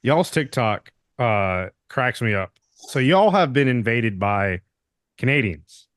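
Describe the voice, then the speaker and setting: A man's voice: mid-range voice, big pitch swings, takes it slowly, fairly bright tone, dry recording, studio quality. A man hosting a podcast, joking and sarcastic in casual political chat. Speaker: podcast host.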